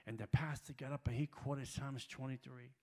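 A man preaching a sermon as a guest at a church prayer gathering, telling a story with heavy repetition and building to loud shouts. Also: mid-range voice, fairly even intonation, normal speed.

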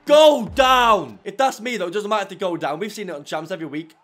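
A young man commentating his own football video game, swinging from muttered grumbles to shouted celebration. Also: high voice, rapid-fire, faint music behind. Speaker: gaming YouTuber. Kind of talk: live gameplay commentary.

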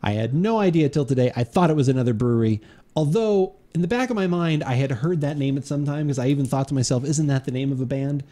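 A man's voice: fairly high pitch, animated, quick pace, dark tone. A man hosting a live beverage podcast stream, chatting casually, rambling and interrupting himself, often laughing. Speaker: podcast host. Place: home studio during a live stream.

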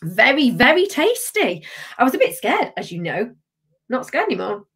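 A woman's voice: on the high side, very animated, moderate pace, a bit bright, breathy edge. A woman hosting a live tasting stream, chatting casually, bubbly and reading out viewer comments. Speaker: livestream host.

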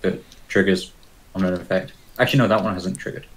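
A man's voice: deep voice, a little fast, crowd noise. A man as a player in a tabletop game, giving short matter-of-fact remarks. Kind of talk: casual tabletop game play.

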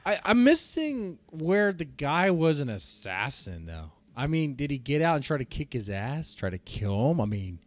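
Sarkastyczny mężczyzna, żywa intonacja, suchy głos. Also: male voice, a little high, big pitch swings, moderate pace, few pauses, dry recording. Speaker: streamer commenting on a clip. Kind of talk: sarcastic commentary.

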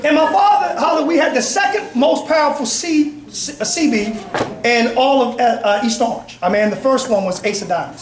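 A middle-aged man, a bishop preaching a sermon, telling stories with fervor and frequent shouts. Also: extremely high pitch, expressive, moderate pace, noisy background. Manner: fervent, storytelling, often shouting. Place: church sanctuary. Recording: echoey church from a distance, congregation audible.

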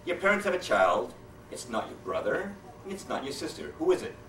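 A prim, haughty old queen, as a man telling a joke puts her on, speaking in a lecturing tone in a lively, singsong way. The sound is roomy, with the mic well away from the voice. A faint hum of the room sits behind it. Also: fairly high pitch, a little fast, voice pushed up. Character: haughty elderly queen, female. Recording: roomy hall, mic at a distance.

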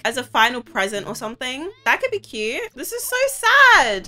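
A young woman giving excitable let's play commentary, exclaiming often as she reacts to the game. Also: sits high. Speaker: gaming YouTuber.

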